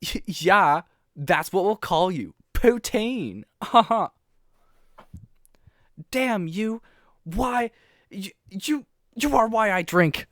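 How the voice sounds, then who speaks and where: A man's voice: high-pitched, lively intonation, very slow, long pauses, fairly bright tone, no echo, studio quality, pitched above the performer's own voice, exaggerated voice. A man voicing a tipsy young woman from Quebec in a text adventure, with a patchy put-on French accent and a slurred, exaggerated delivery. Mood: sulky. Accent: put-on French, partial.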